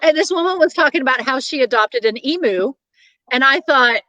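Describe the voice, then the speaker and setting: A woman's voice: high voice, lively intonation, a little fast, bright, forceful tone, no room sound, rough recording. A woman with a Southern US accent hosting a casual chat show, chatty and drawling, laughing often. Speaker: show host.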